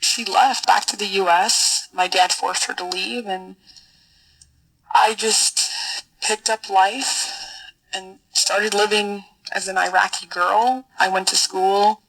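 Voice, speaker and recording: A middle-aged woman guest telling a personal story in an interview, earnest and halting, often repeating words as she searches for them. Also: mid-range voice, steady tone, a bit bright, poor audio. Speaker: podcast guest, military officer.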